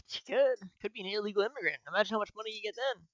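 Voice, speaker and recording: A man co-hosting a casual political podcast, talking in a profane, animated way and laughing often. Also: high voice, racing, dull audio. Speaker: podcast co-host.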